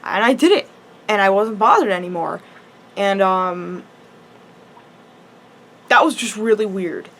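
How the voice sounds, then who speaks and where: A woman's voice: mid-range voice, lively intonation, unhurried, long pauses, fairly bright tone. A teenage girl chats through a personal story for her vlog. She rambles, restarts her sentences and fills them with "like" in a loose, casual way. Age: teens. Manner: rambling, chatty, full of "like" and restarts. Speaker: high school student.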